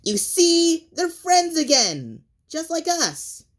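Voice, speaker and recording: A woman voicing an eager, scheming young male tank engine in a fan cartoon, with excitable shrieky cries. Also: very high voice, slow, soft background music, exaggerated voice. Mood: lively.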